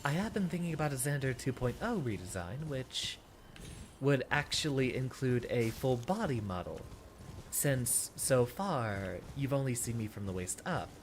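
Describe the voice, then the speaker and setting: A man's voice: mid-range voice, lively intonation, normal speed, a little hiss or hum. A man streaming a video game, chatting with viewers in a playful, theatrical way. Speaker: VTuber streamer. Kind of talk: casual gameplay commentary. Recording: game music behind.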